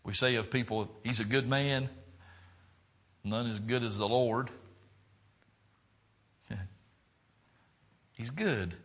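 A man preaching a sermon, swinging between loud, fervent exclaiming and quiet, low reflection. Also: slow, long pauses.

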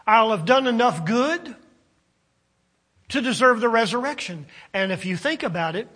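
A man preaching a sermon, slow and deliberate, building emphasis and then dropping low, with halting restarts. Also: a bit bright. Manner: halting restarts with frequent uh's.

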